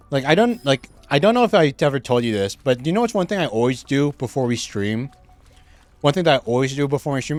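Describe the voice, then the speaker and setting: A man chats into his streaming microphone as he plays, rambling through stories with plenty of fillers and restarts, at times with food in his mouth. His voice is mid-pitched and dry, with faint music playing underneath. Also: no echo. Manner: laughs easily, gets excited at game moments. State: chewing food while talking. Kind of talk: casual chat while playing a game.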